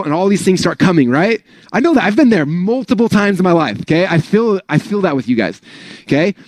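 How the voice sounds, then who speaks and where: A man talks quickly and loosely, a little higher than most men, in a motivational pep talk peppered with "like" and "right?". The sound is close and dry, with no room around it. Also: lively intonation, a little mellow, no echo. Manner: casual, rambling, full of "like" and "right?". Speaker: speaker at an online business training.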